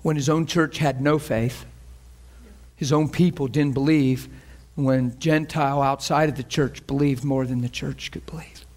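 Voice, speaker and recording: A man preaching a sermon, animated and emotional, acting out scripture scenes and breaking into laughter. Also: medium pitch, measured pace.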